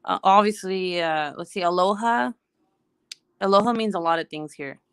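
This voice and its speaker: A woman's voice: mid-range voice, normal speed, fairly bright tone, smooth, no echo. A woman in her thirties, a mom at home in Hawaii, chatting casually, laughing often and humming little tunes. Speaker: vlogger. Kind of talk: casual chat while working.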